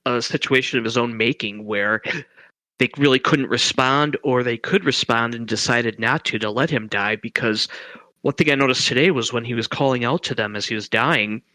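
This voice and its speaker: A man talks through a film on a casual podcast, thinking aloud and circling back with questions. His voice is bright and forward, recorded close and dry with no room sound. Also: medium pitch, normal speed, no echo. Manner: thoughtful, asks questions, many restarts. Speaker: podcast co-host. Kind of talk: casual chat about a film.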